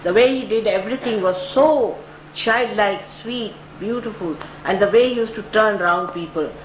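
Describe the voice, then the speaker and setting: An older woman, a spiritual teacher, giving a devotional talk in a storytelling manner, her voice climbing high when she stresses a point. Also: moderate pace. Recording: echoey room with audible noise.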